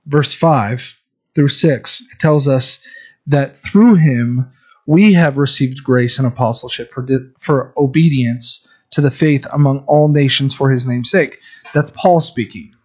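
A man in his thirties preaching a sermon as a pastor, earnest and conversational, with frequent restarts. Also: medium pitch. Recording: dull lo-fi recording.

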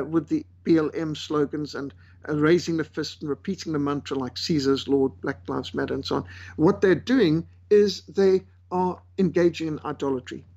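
Gravelly emphatic male preacher. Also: a little high, a little mellow. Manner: emphatic, slows down to stress words. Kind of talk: sermon. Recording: dull lo-fi recording.

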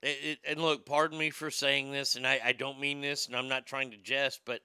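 Bright, crisp-voiced man riffing irreverently. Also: medium pitch, level tone, fairly quick, no echo. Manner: irreverent, joking, stammers and restarts. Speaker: show host reading news and chat comments. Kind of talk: casual commentary.

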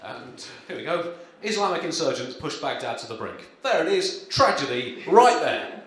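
A man doing a deadpan stand-up comedy set at a live gig, with dry humour, hesitant ums and frequent chuckles. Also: a little high, moderate pace. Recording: very echoey room with clear ambience.

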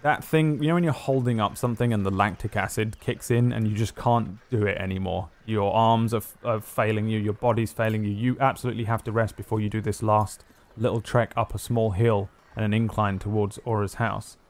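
A man narrating as game master in a tabletop game, relaxed and rambling with many fillers. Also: lowish voice, brisk.

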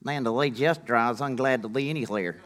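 A man's voice: medium pitch, normal speed, a bit bright, close to an everyday voice. A preacher voicing Junior, a cheeky wisecracking boy puppet sidekick who teases and tries out a fake Australian greeting. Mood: teasing.

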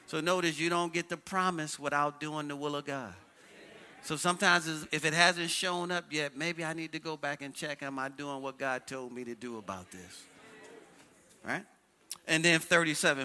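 Male pastor, high and bright voice, energetic sermon delivery with call-and-response in a church. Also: moderate pace. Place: church sanctuary with congregation.

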